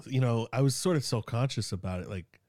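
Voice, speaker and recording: A man's voice: mid-range voice, a little fast, a little mellow, no echo, clean studio sound. A man from Sacramento with a Northern Californian accent, chatting casually and rambling with lots of fillers and slang. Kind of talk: casual chat.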